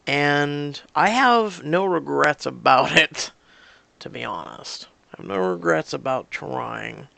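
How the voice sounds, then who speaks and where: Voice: mid-range voice, lively intonation, slow, vocal fry, sharp tone, no echo. A YouTube gamer giving casual, rambling and candid commentary between story scenes, with many fillers and restarts.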